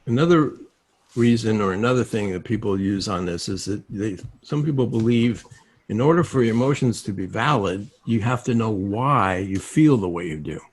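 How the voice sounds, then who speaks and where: Guy teaching over a video call, gravelly and a bit husky, acts out little dialogues. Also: lowish voice. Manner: animated storytelling, acts out quoted dialogue. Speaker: self-help speaker. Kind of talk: casual teaching talk.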